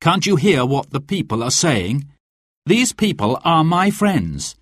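A man's voice: on the high side, big pitch swings, a little slow, a bit bright, no room sound, clean studio sound, pitched above the performer's own voice, heavily acted. A man voicing a bold young outlaw archer. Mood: confident.

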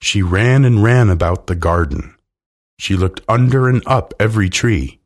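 A man reading a children's story aloud in a slow, deliberate, expressive way. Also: lowish voice. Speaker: narrator.

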